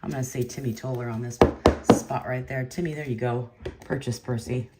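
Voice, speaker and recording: A woman's voice: rumbling low, fairly even intonation, fairly quick, heavy background noise. A woman hosting a trading card break, chatting casually, laughing often and talking to viewers by name. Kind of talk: casual chat while opening cards.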